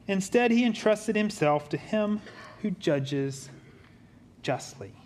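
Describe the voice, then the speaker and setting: Here a man gives a sermon as a pastor, unhurried in his delivery. Quiet, low-pitched emphasis gives way now and then to lively, funny, conversational digressions.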